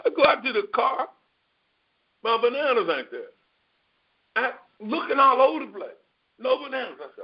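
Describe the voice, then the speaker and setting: A man with a fairly high voice preaches in a relaxed, storytelling way, slipping into casual speech and acting out the lines of his own anecdotes. The recording is dull and lo-fi. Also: measured pace, long pauses. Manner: animated, colloquial, acts out his own dialogue. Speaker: spiritual teacher.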